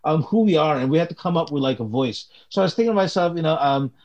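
A man in casual chat who speaks haltingly, restarting his sentences often. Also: on the high side, animated, a little mellow, highs cut off. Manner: halting, full of restarts and fillers.

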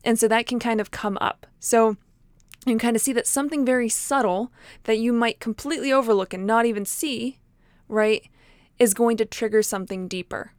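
Chatty, frank woman with a higher voice. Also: a little fast, no echo, clean studio sound. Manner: chatty, many fillers and restarts; frank, personal, laughs at herself. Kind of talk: casual talk to camera.

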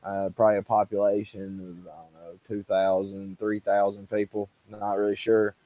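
A man's voice: lowish voice, completely flat delivery, normal speed, mellow, no echo, rough recording. Folksy Arkansas-accented male guest. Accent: Arkansas Southern. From Arkansas, USA. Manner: easygoing, folksy, laughs easily. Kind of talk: casual interview chat.

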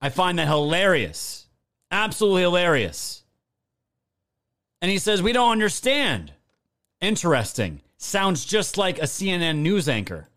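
A man delivers sarcastic, profane video commentary in an angry rant. His voice sits a bit high for a man. He talks straight at his viewers. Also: big pitch swings, moderate pace, fairly bright tone. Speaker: political commentator.

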